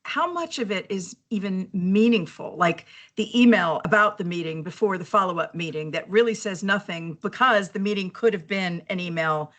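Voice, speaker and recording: A woman's voice: mid-range voice, normal speed, hardly any pauses, fairly bright tone. A woman co-hosting a leadership podcast as a coach, talking casually and reflectively, telling personal anecdotes and acting out quoted messages.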